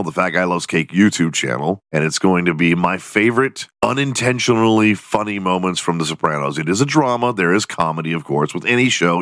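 Low-voiced profane man ranting. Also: fairly bright tone, no echo, studio quality. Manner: profane, rambling, jokey. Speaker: podcast host. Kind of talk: casual solo podcast rant.

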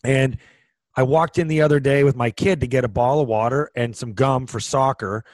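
A man in his forties co-hosting a hockey podcast, chatting loosely and circling back over his own words. His voice sits in a middle pitch and sounds dry and close to the mic, with no room around it. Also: brisk, no room sound. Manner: rambling storyteller with many restarts. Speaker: podcast co-host, former hockey player. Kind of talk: casual chat.

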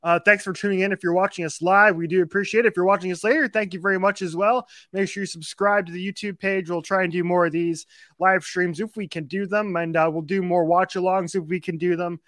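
Bright, high-pitched man, podcast host, auctioneer-fast ad delivery. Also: steady tone, no echo, clean studio sound. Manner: rapid auctioneer-style ad reading. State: out of breath after the read. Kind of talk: live ad read and casual chat.

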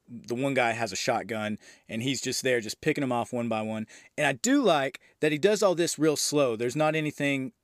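A man talks through a horror movie scene by scene in a casual, excited podcast recap, with plenty of fillers and a swear now and then. His voice sits at an ordinary middle pitch. The sound is close and dry, with no room around it. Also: no room sound. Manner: loose and enthusiastic, with frequent fillers and the odd swear. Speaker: movie review podcast host.

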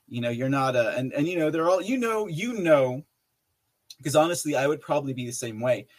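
A male livestream host with a slightly high voice who rambles through viewer comments, stumbling over fillers and restarting his sentences. He reads the chat aloud in a loose, casual way. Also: lively intonation, a little fast. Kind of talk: casual live-chat talk.

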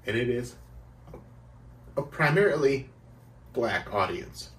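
A man's voice: medium pitch, expressive, slow, a bit bright. A man hosting a casual comedy podcast, teasing his co-hosts and explaining things at length. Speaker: podcast host. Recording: roomy, distant mic.

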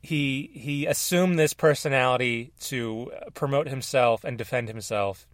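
A man's voice: medium pitch, measured pace, no room sound. A man co-hosting a casual football podcast, tossing in dry sarcastic quips. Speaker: podcast co-host.

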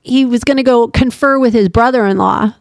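A woman's voice: a little high, fairly quick, gravelly, dry recording. A woman in her fifties co-hosting a casual chat podcast, telling family stories with lots of laughter. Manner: animated storyteller, laughs often. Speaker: podcast co-host.

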